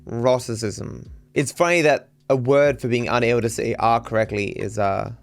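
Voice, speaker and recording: A man's voice: medium pitch, fairly even intonation, moderate pace, vocal fry. Rambling Australian man streaming. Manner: rambling, sounds out words to demonstrate. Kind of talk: casual live-stream chat.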